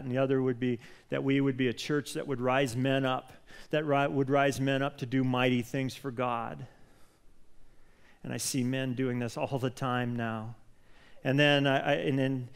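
Excitable man preaching a sermon. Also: mid-range voice, gravelly. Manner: casual, excitable, frequent restarts and fillers. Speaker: pastor. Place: church sanctuary.

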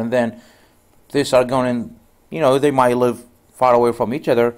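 A man's voice: medium pitch, steady tone, normal speed, long pauses, clean tone. A male networking instructor giving a casual screen-share tutorial, telling stories full of "you know" and "goes like" in non-native English phrasing.

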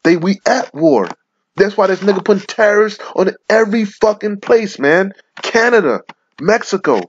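A man's voice: sits high, lively intonation, moderate pace, a little hiss or hum. A man giving an angry, profane rant in which he reads scripture aloud and lectures his listeners. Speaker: religious commentator. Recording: lo-fi muffled audio.

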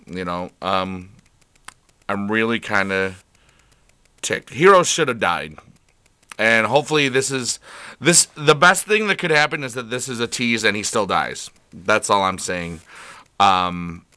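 A man's voice: lowish voice, measured pace, sharp tone, smooth, dry recording. A man giving a casual, rambling video review of a TV episode, frustrated and full of fillers.

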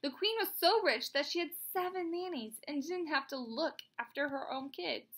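Woman, young adult, storybook read-aloud, high voice, bright tone, lively asides to a child. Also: moderate pace, slight background noise. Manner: animated, chatty asides to her child. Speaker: teacher reading aloud.

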